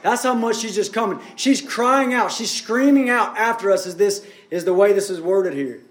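A man's voice: sits high, normal speed, roomy sound. A man preaching a sermon as pastor, building up and easing off in intensity. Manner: preaching with rising and falling intensity.

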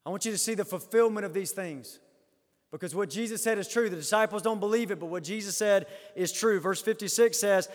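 High-voiced man preaching in a reverberant hall. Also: fairly quick. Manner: dramatic, acts out quoted lines, swings from loud to hushed. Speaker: pastor. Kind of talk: sermon.

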